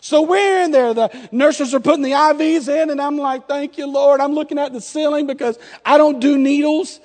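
In his thirties, a pastor gives a sermon in a very high yet slightly mellow voice, steady in tone and moderate in pace. He tells a playful story and acts out each exchange, with a long hall reverb following his words.

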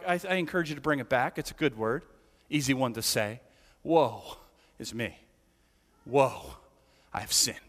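Male pastor, sermon, conversational, rhetorical questions, high voice, long church reverb. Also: a bit bright.

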